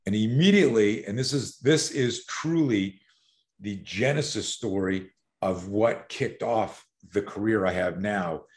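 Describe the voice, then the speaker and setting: A man in his sixties telling stories as a podcast guest. He is animated and profane, and he acts out quotes. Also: lowish voice, measured pace. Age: 60s. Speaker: self-defense expert guest. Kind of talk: podcast storytelling.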